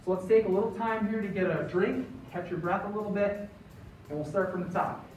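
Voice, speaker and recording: Brisk and a little mellow at a medium pitch, a fitness instructor cheers viewers through a broadcast home workout, counting down between exercises. Soft music plays behind, and the sound is echoey with a distant, dull mic.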